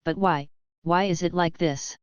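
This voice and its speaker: A woman's voice: lowish voice, fairly even intonation, a little slow, smooth, no room sound, natural voice. A woman reading the part of a proud young crown prince who insists on denial through tears. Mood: tearful. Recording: dull lo-fi, dry.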